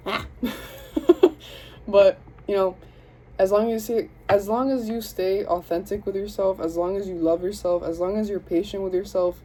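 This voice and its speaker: Mellow-voiced Southern woman reading tarot. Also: mid-range voice, a little hiss or hum, poor audio. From Southern United States. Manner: chatty, slangy, self-interrupting, talks to spirit and viewers. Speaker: tarot reader. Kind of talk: casual spoken tarot reading.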